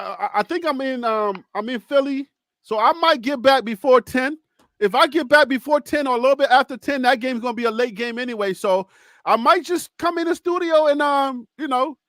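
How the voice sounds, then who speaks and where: A high-voiced man hosts a casual sports chat show, teasing his panel loudly and laughing often. His voice is recorded dry and close, with little room sound. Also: moderate pace, no echo. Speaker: podcast host. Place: home studio.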